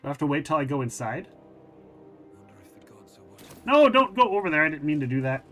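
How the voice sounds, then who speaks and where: A man's voice: fairly high pitch, sing-song, a little fast, fairly bright tone, faint music behind. A middle-aged man hosting a gaming stream, chatting casually in a rambling, hesitant way with many fillers. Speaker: streamer host.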